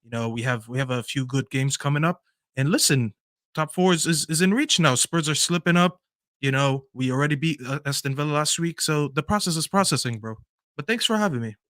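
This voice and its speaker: A man's voice: a little high, expressive, fairly quick, a bit bright, dry recording, studio quality. A man joining a football show by video call as a guest, rambling and tripping over repeated words. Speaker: guest pundit. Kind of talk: casual football chat.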